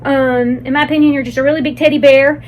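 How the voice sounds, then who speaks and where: Woman saying thanks and goodbye, grateful, kinda high voice, little background noise. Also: flat delivery, fast, darkish tone, lo-fi sound. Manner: affectionate, grateful, with fillers. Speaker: breast center staff. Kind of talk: farewell message.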